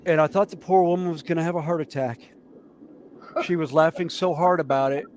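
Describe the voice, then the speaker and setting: Southern US man, host of a hobby chat, fairly high voice, rambling storyteller. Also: fairly even intonation, fairly quick, a little mellow, a little hiss or hum. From southern United States. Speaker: stream host. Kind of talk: casual chat while building model kits.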